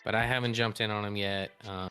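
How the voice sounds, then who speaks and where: A man's voice: on the low side, fairly even intonation, brisk, sharp tone, soft background music. A man co-hosting a casual sports talk show, chatty and laid-back, with some joking asides. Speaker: sports podcast co-host.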